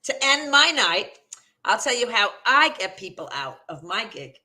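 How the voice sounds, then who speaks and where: Bright high-voiced woman musician. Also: very animated, unhurried. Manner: laughs often, gives short agreeing replies. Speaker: musician and arranger. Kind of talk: casual chat.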